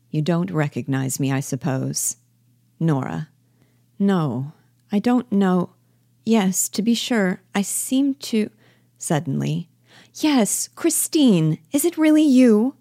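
A woman reading the part of a lively, chattering young wife in a play, her lines rising high when excited. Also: takes it slowly, gravelly, pauses often, no echo, studio quality, exaggerated voice. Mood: eager.

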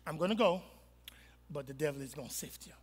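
A man preaching who voices Jesus as a calm, teasing teacher speaking softly in easygoing street talk. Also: a little high, a little fast, breathy edge, long reverb tail, pitched below the performer's own voice.

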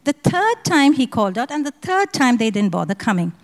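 A woman's voice: fairly high pitch, very animated, a little fast, long reverb tail, rough recording. A woman from India, giving a spoken personal testimony at a prayer conference and acting out the dialogue as she tells it. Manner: vivid storytelling, acting out the dialogue.

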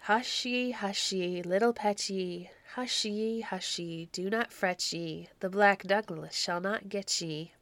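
A woman voicing a young soldier's wife softly singing a soothing lullaby to her child in a storybook. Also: mid-range voice, slow pace, hardly any pauses, no room sound.

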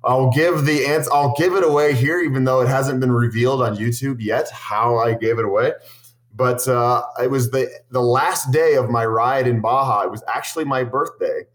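With a medium-pitched voice at normal speed, a man from Boulder, Colorado who creates cycling videos responds to interview questions. His answers are long, earnest, eager stories with many restarts.

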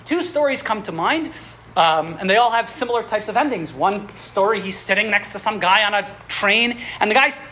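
A woman teaching a class on Jewish history, telling stories in an animated way with frequent chuckles and restarts. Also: mid-range voice, moderate pace, a little hiss or hum. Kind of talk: classroom lecture with storytelling. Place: classroom with students.

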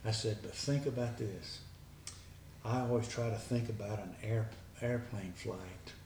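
A man's voice: fairly low pitch, steady tone, a little slow, darkish tone, distant mic, a little hiss or hum. A man, a guest earnestly retelling a conversation line by line. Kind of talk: personal storytelling. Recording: echoey room with faint background ambience.

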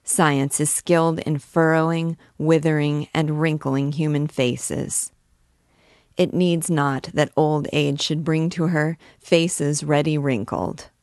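A woman's voice: sits low, steady tone, takes it slowly, darkish tone, no echo, clean studio sound. A woman reading as a fiery, grandiose archdeacon. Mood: solemn. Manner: grandiose, declaiming. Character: fiery, proud male archdeacon alchemist, middle-aged.

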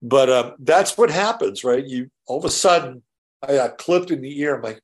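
This show host from California talks alone at a normal speed, his mid-range voice lively in intonation. He wanders through a story, restarting often, swearing casually and ending lines with "right?"

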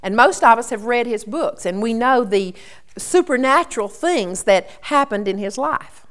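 A woman's voice: fairly high pitch, expressive, normal speed. A woman preaching a sermon in an earnest, storytelling teaching tone.

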